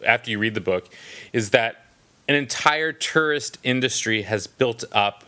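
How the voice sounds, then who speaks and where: A man co-hosting a casual book discussion, speaking thoughtfully with frequent pauses and restarts. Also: mid-range voice, sharp tone. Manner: thoughtful, halting, many restarts and ums. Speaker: book podcast co-host.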